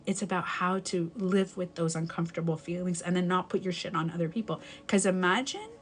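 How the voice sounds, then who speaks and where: A woman's voice: lowish voice, brisk. A young adult woman, a life coach, giving advice in a live stream. She talks candidly and emphatically, swears casually and corrects herself mid-sentence as she rambles.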